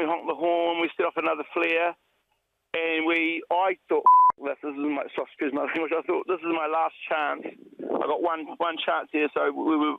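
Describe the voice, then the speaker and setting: A man recounts a shipwreck and rescue over a tinny, phone-like line. His voice sits slightly high for a man and sounds close and dry, with no room around it. He rambles animatedly, stumbling and restarting as he goes. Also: creaky, no echo. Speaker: shipwreck survivor guest. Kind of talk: phone interview storytelling. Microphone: telephone.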